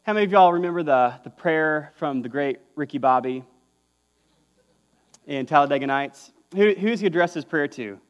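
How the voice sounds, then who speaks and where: A man's voice: on the high side, expressive, moderate pace, dull audio. A young man, preaching a conversational sermon as a pastor, full of fillers and restarts.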